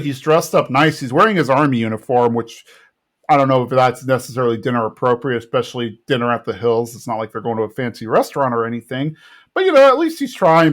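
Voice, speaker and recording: Man casually recapping an episode. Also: mid-range voice. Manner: rambling plot retelling with quoted character lines. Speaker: podcast co-host.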